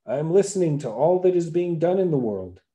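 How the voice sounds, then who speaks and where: A man voicing a calm, matter-of-fact stranger who listens to the whole world. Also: a little high, brisk, reverberant, voice pushed up, lightly acted.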